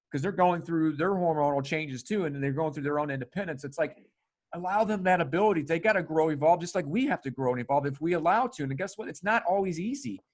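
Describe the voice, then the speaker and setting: A male podcast host talking in a casual, excitable way, swearing often and laughing. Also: on the high side.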